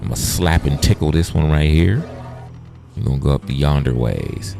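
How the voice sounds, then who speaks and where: Very deep gravelly man, profane and playful. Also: expressive, normal speed, mellow, soft background music. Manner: profane, playful, chats to viewers. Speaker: gaming streamer. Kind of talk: casual livestream gameplay chat.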